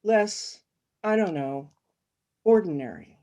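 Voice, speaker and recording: A woman reading aloud, voicing a cool, aloof woman who talks in a low, dismissive way. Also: animated, slow, warm tone.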